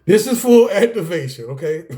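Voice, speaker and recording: A man teaches to the camera, and his voice sits high and swoops up and down. He talks in a preaching rhythm, calls the viewers y'all, and keeps dissolving into laughter and restarting his sentences. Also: very animated, moderate pace, warm tone. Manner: laughs often, breaks off mid-sentence, repeats himself. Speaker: self-help video teacher. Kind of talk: preachy talk to camera about anger.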